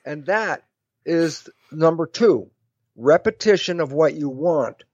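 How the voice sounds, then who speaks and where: A man with a somewhat high voice explains his ideas in an interview. He talks in a lively way and acts out both sides of little imagined exchanges. The sound is dry and a little dull. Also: slow pace, no echo. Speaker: guest speaker. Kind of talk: animated explanatory interview talk.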